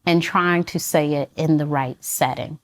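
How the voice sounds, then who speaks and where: Woman, psychologist guest, low voice, calm measured explainer. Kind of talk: conversational interview.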